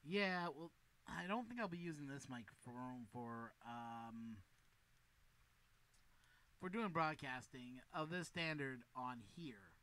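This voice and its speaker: For his maker livestream, this middle-aged Canadian host rambles and jokes through a casual test of a cheap wireless microphone. His mid-range voice has a sharp tone and lively intonation, he takes it slowly, and the recording is rough.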